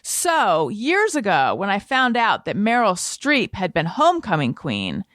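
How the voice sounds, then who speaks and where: A woman's voice: mid-range voice, measured pace, no echo, clean studio sound. A woman hosting a podcast, chatting casually and telling stories about herself with self-deprecating humor. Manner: self-deprecating, animated storytelling. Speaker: podcast host. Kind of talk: casual chat.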